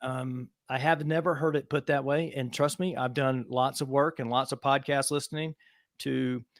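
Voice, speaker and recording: A man hosts a live interview show, speaking with an average pitch and a loose, rambling enthusiasm. His voice sounds dry and close to the microphone. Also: fairly even intonation, normal speed, dry recording. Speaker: host. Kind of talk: casual interview chat.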